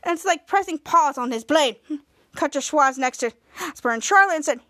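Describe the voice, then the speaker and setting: In a casual podcast recap of a TV episode, the host rambles and repeats herself, returning again and again to "somehow" and "cut to." Her expressive voice sits high with a fairly bright tone, at normal speed.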